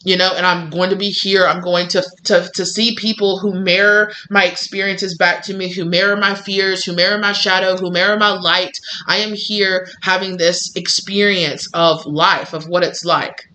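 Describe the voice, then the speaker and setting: A woman tarot reader sharing a casual spiritual message, chatty and animated, full of "like" and "you know". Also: lowish voice, normal speed, hardly any pauses, poor audio.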